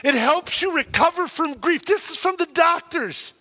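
A man preaching a sermon as pastor, telling emotional stories in an animated way and acting out the people in them. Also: very high-pitched, moderate pace, long reverb tail. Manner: animated, emotional storytelling with acted quotes.

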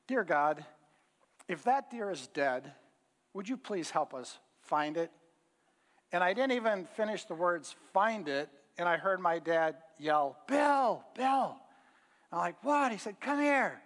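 High-voiced man preaching in echoing hall. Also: fairly bright tone. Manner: conversational, folksy storytelling with fillers. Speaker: pastor. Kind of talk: sermon storytelling. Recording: hall reverb.

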